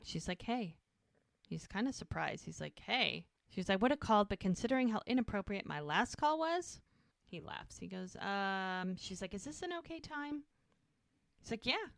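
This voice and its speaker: A woman's voice: mid-range voice, animated, a little fast, gravelly, dry recording, clean studio sound. A woman co-hosting a podcast, casually recapping a scene and acting out the characters' lines. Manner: retells scenes, acting out dialogue. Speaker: podcast co-host.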